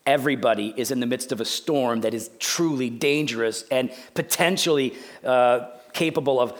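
A man in his forties preaching a sermon as a pastor, conversational and jokey, swinging from loud outbursts to hushed, near-whispered lines. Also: mid-range voice, moderate pace.

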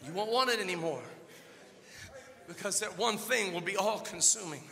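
A man preaching an impassioned sermon as pastor of a church, building from quiet reflection up to shouted exhortation. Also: high voice, normal speed, gravelly, reverberant, big-room sound.

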